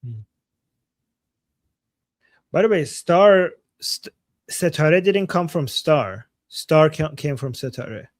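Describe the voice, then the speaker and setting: A man's voice: on the high side, lively intonation, slow, long pauses, dry recording. Chatty man, Persian native, dry sound. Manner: chatty, explains words with examples. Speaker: livestream co-host. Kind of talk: casual livestream chat.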